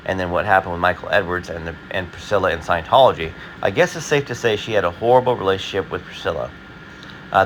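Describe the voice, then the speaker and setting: A man hosting his video and reading viewer comments in a casual, halting way, full of fillers and restarts; he sounds tired. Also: low-pitched, a bit bright, slight background noise.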